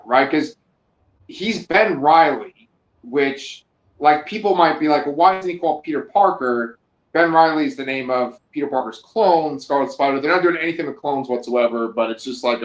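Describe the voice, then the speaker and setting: A man with a mid-range voice and muffled highs co-hosts a podcast in an echoey room, chatting casually. His storytelling is animated and full of jokes and frequent swearing.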